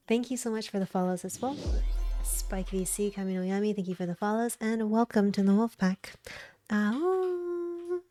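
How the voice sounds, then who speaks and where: A woman's voice: medium pitch, steady tone, moderate pace, warm tone, soft background music. A woman streamer chatting casually with her viewers, talkative and often giggling. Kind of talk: casual livestream chat.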